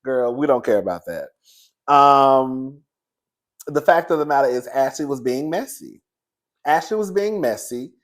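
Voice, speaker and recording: A man giving casual, sassy commentary on a reality TV episode, chatty and quick to laugh. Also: medium pitch, lively intonation. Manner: sassy, chatty, laughs often, calls viewers "girl" and "baby". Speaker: reality TV reviewer.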